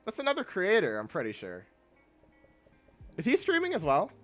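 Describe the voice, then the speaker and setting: A man's voice: high voice, wildly swooping pitch, moderate pace, a bit bright, soft background music. Chatty young man streaming a game. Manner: laid-back, chatty, laughs often, reads chat aloud. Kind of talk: casual livestream chat while gaming.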